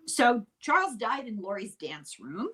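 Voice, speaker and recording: An older woman hosting a podcast, telling a true-crime story in a chatty, unhurried way with dry asides. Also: a little high, sing-song, a loud crowd. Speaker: podcast host.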